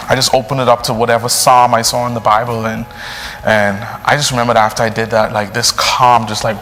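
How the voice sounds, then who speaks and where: Earnest young priest. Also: male voice, on the low side. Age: young adult. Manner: earnest, animated with frequent fillers. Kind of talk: personal storytelling. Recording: long reverb, faint music.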